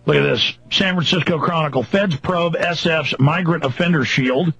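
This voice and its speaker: A man's voice: a little high, moderate pace, creaky, a bit bright, husky, no room sound, soft background music. A man hosting a talk radio show, ranting angrily and mockingly in long emphatic lists. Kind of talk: angry political radio rant. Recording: dull lo-fi radio broadcast.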